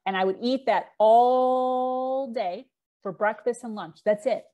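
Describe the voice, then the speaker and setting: A woman's voice: fairly high pitch, slow pace, warm tone. A middle-aged woman, a podcast guest, candidly telling her own story with frequent fillers and acted-out quotes.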